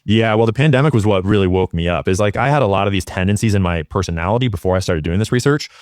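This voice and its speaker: A man's voice: fairly low pitch, fast talker, darkish tone, no echo. A young man from Washington State talking intensely and profanely as an interview guest. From Washington State, USA. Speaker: podcast guest. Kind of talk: interview conversation.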